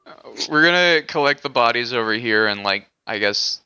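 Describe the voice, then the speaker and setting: A man's voice: medium pitch, animated, normal speed, sharp tone, clean tone, no room sound. A man playing in a casual tabletop game, laid-back and a bit hesitant. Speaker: player. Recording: slightly dull lo-fi mic.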